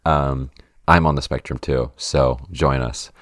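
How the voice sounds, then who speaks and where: A man's voice: very deep voice, steady tone, a little slow, a bit bright, dry recording, clean studio sound. A man co-hosting a podcast in laid-back casual chat, laughing and rambling. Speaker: podcast co-host.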